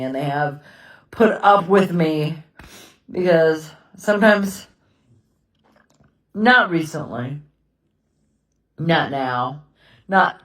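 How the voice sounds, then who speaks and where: A grieving middle-aged woman speaks in a slow, halting way, her voice often breaking into tears. She sits at some distance from the mic in a quiet house. The room around her is echoey. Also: deep voice. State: tearful. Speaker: widow sharing her grief. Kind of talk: personal confessional vlog.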